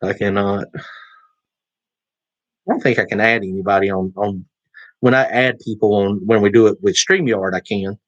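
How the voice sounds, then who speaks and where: A Southern US man hosts a laid-back live stream in a lowish voice, chatting loosely and reading out viewer comments as they come. His speech wanders with plenty of fillers and restarts. The sound is dry and close, with little room echo. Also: fairly even intonation, normal speed, pauses often, highs cut off. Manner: rambling, with many fillers and restarts; reads and answers viewer comments. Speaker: livestream host. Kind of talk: casual livestream chat.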